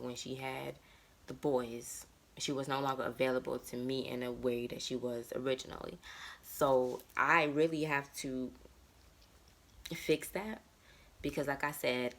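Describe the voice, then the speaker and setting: Low, gravelly woman in her thirties. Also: fairly bright tone. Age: 30s. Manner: reflective, emotional and candid. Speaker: vlogger. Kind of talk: candid personal monologue.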